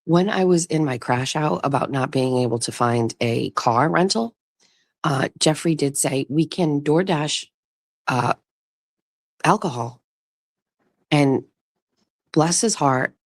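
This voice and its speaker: A woman's voice: sits low, unhurried, pauses often, dry recording, studio quality. A woman hosting a show, telling a rambling vacation story in casual chat, swearing now and then and restarting her sentences. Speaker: show host. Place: vacation rental, talking outdoors.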